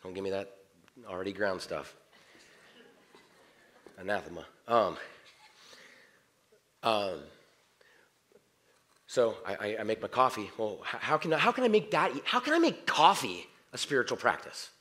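Animated middle-aged male pastor preaching. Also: lowish voice, normal speed, long pauses. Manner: conversational, jumps between hushed prayer and animated outbursts. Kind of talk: sermon. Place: church sanctuary.

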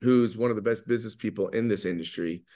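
A middle-aged man with a New York accent, talking fast and loud as he tells animated stories in an interview. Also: lowish voice. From New York area. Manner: fast, loud, animated storyteller who acts out quotes. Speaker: guest, pizza maker. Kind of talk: storytelling in an interview.

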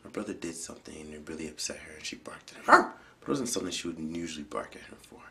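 Deep-voiced man telling a personal story. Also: animated, quick pace, creaky. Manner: earnest, drops often to hushed near-whispers for emphasis. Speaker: public speaker.

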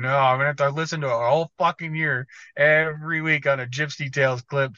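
A man's voice: medium pitch, steady tone, brisk, sharp tone, dry recording, muffled recording. An American man talking as a guest in casual podcast chat, blunt and swearing freely, often stumbling over restarts. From United States. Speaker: guest motocross editor.

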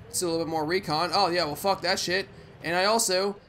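A young man talking through a video game in a rambling, foul-mouthed way, breaking into sudden loud outbursts. His voice is slightly high for a man and bright and forceful, with faint noise behind it. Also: steady tone, quick pace. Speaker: let's play host. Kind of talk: profane gameplay commentary.

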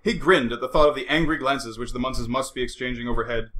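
A man reading a novel aloud as the narrator, in an animated storytelling manner. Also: medium pitch, quick pace, few pauses. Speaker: audiobook narrator. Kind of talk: audiobook reading. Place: room at home.

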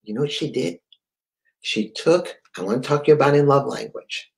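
A man preaching a sermon, telling a story with fervor, dropping to a hush and then rising again. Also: medium pitch, moderate pace, gravelly. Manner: impassioned storytelling, swings between hushed and raised; reads viewer comments aloud live.

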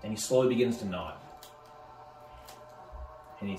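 A man narrating a tabletop game as game master, halting now and then and repeating words. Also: on the low side, lively intonation, mellow. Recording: roomy, distant mic, faint music.

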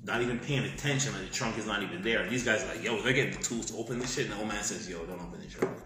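A podcast co-host with a lowish voice races through a casual retelling of a film plot, swearing freely and acting out sound effects. It's animated storytelling chat, recorded in an echoey room with loud music behind him.

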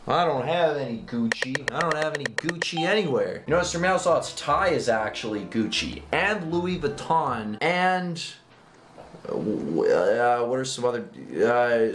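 Excitable, lively game commentator man. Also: mid-range voice. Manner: animated, stammering repeats, talks to viewers. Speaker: gaming video host.

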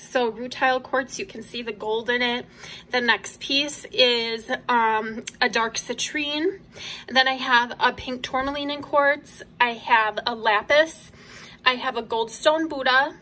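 A young woman, chatting casually and enthusiastically as she shows off her collection at home, sometimes dropping to soft asides. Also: high-pitched, steady tone, unhurried. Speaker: vlogger. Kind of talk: casual show-and-tell. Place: home room.

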